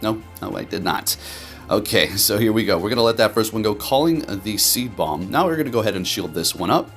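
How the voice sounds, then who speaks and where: A man with a low, deep voice talks through a match as it happens. His commentary is animated and peppered with swearing and rants, with soft music playing underneath. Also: a little fast, vocal fry. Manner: animated, profane ranting. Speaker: game commentator. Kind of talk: gameplay commentary.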